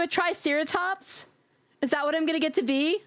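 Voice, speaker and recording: A woman streaming live in a casual, playful chat, teasing her viewers and laughing loudly. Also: fairly even intonation, moderate pace, no room sound. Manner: drops to a low sultry tease at times.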